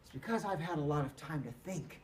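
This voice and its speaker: A man's voice: on the high side, animated, quick pace, far from the mic, a little hiss or hum, close to an everyday voice. A man voicing a remorseful teenage boy who pleads earnestly. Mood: pleading.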